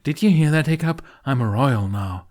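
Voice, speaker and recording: A man's voice: medium pitch, animated, normal speed, darkish tone, voice pushed up, close to an everyday voice. A man reading an audiobook, voicing a playful, impish young spirit who teases everyone. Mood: teasing. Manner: teasing, playful.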